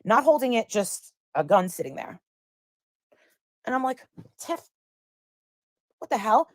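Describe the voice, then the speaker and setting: A woman's voice: on the high side, very animated, normal speed, dry recording. A woman telling a story in casual chat, rambling and acting out the lines of the people in it. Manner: rambling, acts out quoted lines. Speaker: guest storyteller.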